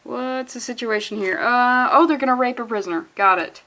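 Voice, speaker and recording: A woman's voice: fairly high pitch, fairly quick, sharp tone, rough recording. Sarcastic woman reviewing comics. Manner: sarcastic, incredulous running commentary; often laughing through her words. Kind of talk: comedic comic-book reading.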